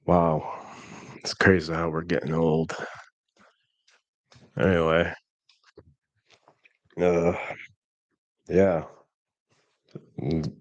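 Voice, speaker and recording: A man's voice: low voice, flat delivery, drawn-out words, pauses often, no room sound, muffled recording. A man in his thirties telling a rambling, self-deprecating personal story in a casual vlog. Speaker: vlogger.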